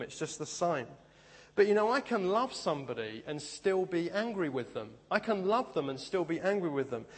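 A man's voice: a little high, big-room sound. A man preaching a sermon, telling personal stories with self-deprecating humor and stop-start phrasing. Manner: speaks in bursts with repeated restarts.

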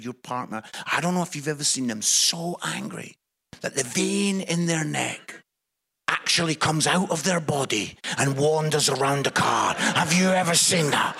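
Man, comedic storytelling, animated, husky, bright. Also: fairly high pitch, normal speed. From Scotland. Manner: animated, exclamatory. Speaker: Christian comedian and evangelist.

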